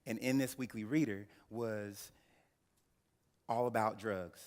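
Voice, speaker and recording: Male keynote speaker in his thirties; low-pitched, dramatic storyteller; reverberant banquet hall. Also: fairly even intonation, takes it slowly, a little mellow. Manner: dramatic storyteller who addresses the audience directly. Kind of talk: personal storytelling speech. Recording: echoey banquet hall through a PA.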